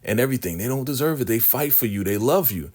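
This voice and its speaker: A man's voice: mid-range voice, expressive, fast talker, darkish tone. A man casually recapping a TV episode, telling the story with street slang and acting out the characters. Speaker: TV recap vlogger.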